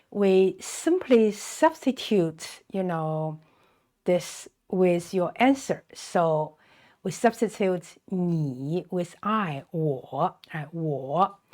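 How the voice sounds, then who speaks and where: A middle-aged woman with a Chinese accent gives a beginner language lesson at an unhurried, deliberate pace. Her voice sits a little low for a woman. She patiently repeats each phrase slowly so learners can follow. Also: a little mellow. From China. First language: Mandarin Chinese.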